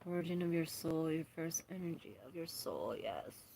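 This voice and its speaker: A woman's voice: low-pitched, big pitch swings, moderate pace, creaky, background noise. A woman giving a live tarot reading who rambles, trails off and restarts, swears casually and laughs often. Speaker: tarot reader. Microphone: phone.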